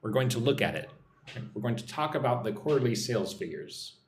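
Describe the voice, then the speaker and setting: A man's voice: medium pitch, big pitch swings, a little fast, reverberant. A man from the United States teaching an English lesson on a live stream, drilling phrases, reading out viewer comments and checking in with "right?". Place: indoors, in Vietnam.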